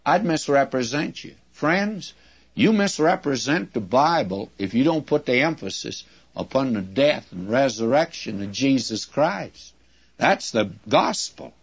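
A man gives a sermon-style Bible lesson in a measured, explaining way, calling his listeners friends. His voice sits at a middle pitch. The recording is dull and lo-fi. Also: expressive, husky. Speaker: Bible teacher.

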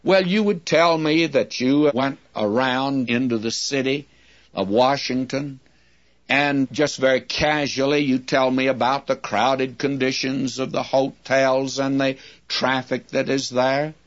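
A man preaching a sermon-style Bible lesson, measured and explanatory, calling his listeners friends. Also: mid-range voice, steady tone. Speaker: Bible teacher. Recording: dull lo-fi recording.

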